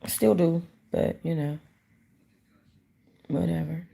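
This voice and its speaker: A woman's voice: extremely low pitch, normal speed, vocal fry. A woman hosting a casual livestream, talking bluntly to her chat, rambling and swearing freely. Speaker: livestream host.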